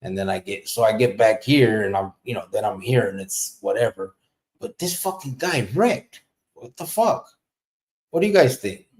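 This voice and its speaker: A man hosting a podcast, telling a story in a casual, profane, animated way. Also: on the low side, normal speed. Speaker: podcast host. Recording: roomy echo.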